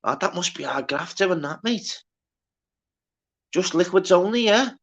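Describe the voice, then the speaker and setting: A man's voice: sits high, expressive, a little slow, fairly bright tone, lo-fi sound. A man hosting a casual livestream, reading out the chat, greeting viewers by name and bantering with plenty of swearing. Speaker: livestream host.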